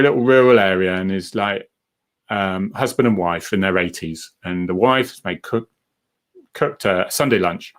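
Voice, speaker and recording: A middle-aged man, hosting a casual live chat, rambling and reading out viewer comments and acting out what people said. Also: fairly bright tone. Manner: acts out quoted people with jumps in pitch.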